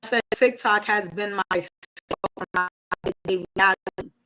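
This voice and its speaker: A woman's voice: mid-range voice, slow, music in the background, low-quality recording. A woman hosting a casual live stream, talking emotionally and candidly and swearing freely.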